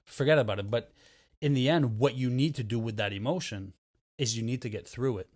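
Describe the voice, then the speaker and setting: A man from Canada talks on a relaxed podcast at an average pitch. He stumbles and repeats words while he works toward his point. He grows lively when he acts out an example. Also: a little fast. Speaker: podcast co-host. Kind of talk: casual chat.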